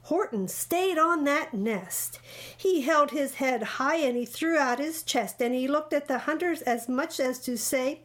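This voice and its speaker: A woman reading a rhyming picture book aloud in a rhythmic, expressive way. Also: high voice, measured pace. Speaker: storybook reader.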